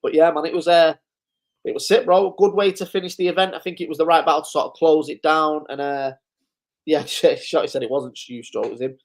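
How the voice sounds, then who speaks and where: A man hosts a live-stream recap in a fairly high, steady voice at a fairly quick clip. He chats casually, swears freely, and chuckles his way through loose stories.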